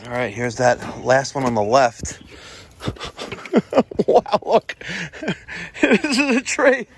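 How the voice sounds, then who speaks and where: A man, vlogging outdoors while servicing air conditioners, excitable and quick to exclaim and laugh. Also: mid-range voice, a little hiss or hum. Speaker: plumbing and HVAC contractor. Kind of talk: on-the-job vlog. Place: outdoors at a house.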